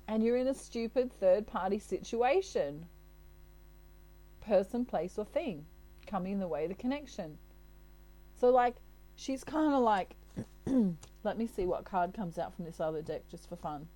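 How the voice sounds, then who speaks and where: A woman's voice: medium pitch, expressive, unhurried, long pauses, dark tone, rough recording. A woman giving a casual tarot reading, chatty and playful, laughing often. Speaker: tarot reader.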